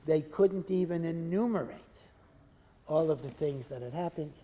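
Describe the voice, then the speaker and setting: A rabbi giving an earnest Torah lecture, asking rhetorical questions and mixing in Hebrew and Yiddish terms. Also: male voice, on the high side, normal speed, warm tone. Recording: hall with long reverb.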